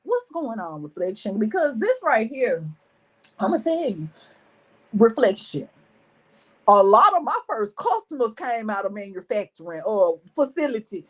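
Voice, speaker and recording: A woman's voice: a little high, sing-song, a little slow. A woman in giving dramatic, exclaiming storytime commentary with a repeated catchphrase.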